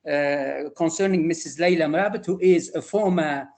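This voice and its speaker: An older man giving emotional, halting closing remarks on a video call. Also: fairly high pitch, darkish tone. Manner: halting, many fillers and restarts. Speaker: retired teacher trainer.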